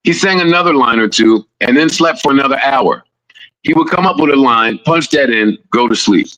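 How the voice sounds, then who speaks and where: A male streamer reading a story aloud, lively, acting out the quoted voices. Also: medium pitch, moderate pace, low-quality recording.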